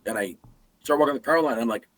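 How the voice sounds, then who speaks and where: A man's voice: mid-range voice, very fast. A man, a guest hunter, telling a story in a casual way and acting out the sounds and the dialogue. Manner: animated, acts out sounds and quoted dialogue.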